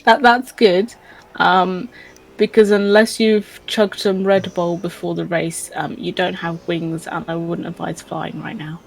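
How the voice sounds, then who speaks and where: A woman's voice: lowish voice, level tone, unhurried, gravelly, a little hiss or hum, rough recording. A woman co-hosting a live stream, reading out chat in a casual, giggly way with plenty of hesitations. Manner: giggly, hesitant, lots of ums.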